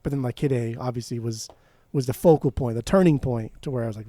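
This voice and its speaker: Mellow-voiced man musing off-mic. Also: medium pitch, fast talker, hardly any pauses, dry recording. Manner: reminiscing, loose and meandering. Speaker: podcast co-host. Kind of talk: casual chat.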